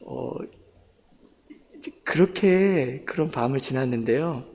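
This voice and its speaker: In a church sanctuary with long reverb, a middle-aged male pastor raised in Brooklyn, New York shares his personal story in a bilingual English-Korean sermon, with occasional laughter. He speaks in a medium-pitched, expressive voice that races along, creaky and a little mellow.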